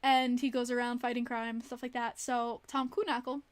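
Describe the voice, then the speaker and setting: A woman's voice: a little high, flat delivery, normal speed, dry recording. A young woman casually telling rambling stories on a livestream, giggling often between her words. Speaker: streamer.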